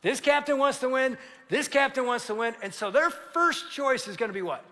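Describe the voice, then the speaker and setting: A man in his sixties preaches in a storytelling way, animating every anecdote and voicing the people he quotes. His voice sits high and sounds bright and forceful. A long reverb from the church hall trails behind each phrase. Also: normal speed. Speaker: pastor. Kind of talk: storytelling sermon.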